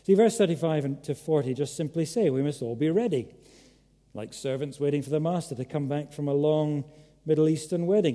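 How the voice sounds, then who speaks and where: Speaking a little fast, this preacher has a warm voice of fairly high pitch. He delivers an earnest, emphatic sermon in a large, echoey church hall, confronting listeners with direct questions.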